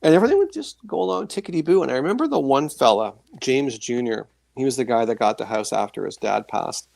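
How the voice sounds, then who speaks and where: A man being interviewed as a guest, telling rambling, animated anecdotes full of fillers and restarts. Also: medium pitch, fast talker, vocal fry, no room sound. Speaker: guest author sharing paranormal experiences. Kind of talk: casual storytelling interview.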